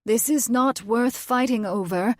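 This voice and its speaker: A brisk old witch grandmother with a scolding, no-nonsense tone, read by a woman in an audiobook. The voice sits a bit higher and firmer than the narration, in a dry, close recording. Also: no room sound, lightly acted. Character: elderly, sharp-witted witch grandmother. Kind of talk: audiobook character voice.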